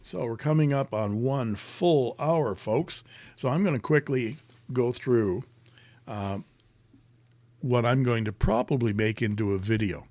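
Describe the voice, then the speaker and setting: A man's voice: medium pitch, measured pace, a little mellow, no room sound. A man hosting a casual live stream, chatting and reading viewer comments aloud in a rambling way with many fillers.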